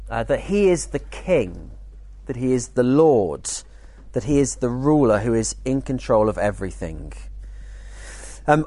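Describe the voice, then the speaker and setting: A man teaching at a church weekend, speaking in a conversational, lively way with jokey asides. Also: mid-range voice, no room sound. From United Kingdom. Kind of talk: teaching talk.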